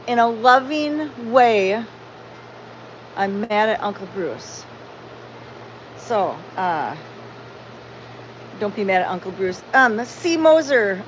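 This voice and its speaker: Female sanctuary host on a live stream, rambling and heartfelt, greets viewers, lo-fi audio. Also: a little high. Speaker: cat sanctuary owner hosting a livestream. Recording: dull lo-fi sound with faint background noise.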